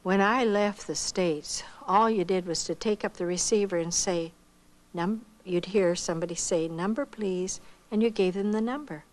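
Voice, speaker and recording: An older woman and missionary, telling her own life story in an unhurried, folksy way with pauses and soft hesitations. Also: medium pitch, low-quality recording. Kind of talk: personal storytelling.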